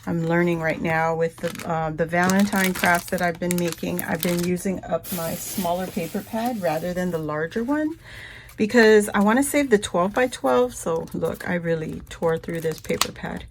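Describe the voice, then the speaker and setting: A woman vlogger chatting casually through a shopping haul, rambling and breaking into high, gushing squeals over cute things. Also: moderate pace, few pauses, background noise. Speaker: craft vlogger.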